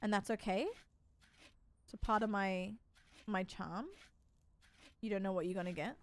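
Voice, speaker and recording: A woman's voice: mid-range voice, fairly even intonation, moderate pace. A young woman, chatting casually and joking about herself as she streams a game, with casual swearing. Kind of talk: casual gameplay commentary.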